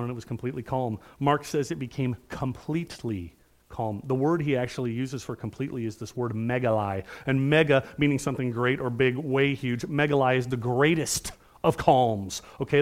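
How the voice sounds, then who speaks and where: A middle-aged male pastor preaching a sermon in an earnest, conversational way, often checking in with the room. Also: mid-range voice.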